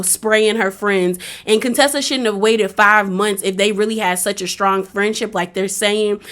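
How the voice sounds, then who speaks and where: A woman's voice: mid-range voice, a bit bright. A woman giving a casual, opinionated recap of a reality show. She talks chattily, with a lot of "like", and acts out the quotes.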